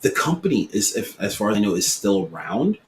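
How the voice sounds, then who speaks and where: Animated Brooklyn man telling stories. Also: on the low side, a little fast. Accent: New York. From Brooklyn, New York. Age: late 30s. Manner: storytelling, animated, swears casually. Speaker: podcast co-host. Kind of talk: casual podcast chat.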